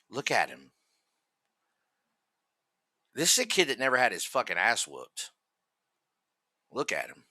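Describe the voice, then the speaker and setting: Brief: angry commentary host, profane, mocking, very bright and sharp tone, dry close mic. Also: male voice, mid-range voice, no echo. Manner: profane, furious, mocking ranting.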